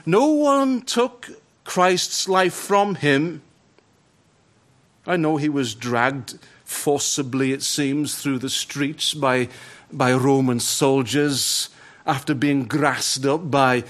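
A man preaching a sermon, stressing key words slowly with dramatic pauses. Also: medium pitch, animated.

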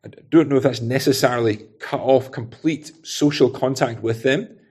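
A man's voice: medium pitch, fairly even intonation, normal speed, a little mellow, slightly rough. A man preaching an expository sermon in a conversational way, often adding rhetorical tag questions.

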